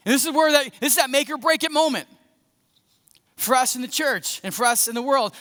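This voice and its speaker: A man preaching a sermon as a pastor, conversational and animated, acting out scenes as he goes. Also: very high voice, brisk. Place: church sanctuary. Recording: echoey church hall.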